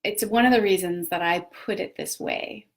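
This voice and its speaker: A woman of medium pitch speaking at normal speed hosts a casual live video talk on personal growth. An adult parent of children, she's chatty and reflective, with many fillers and self-corrections.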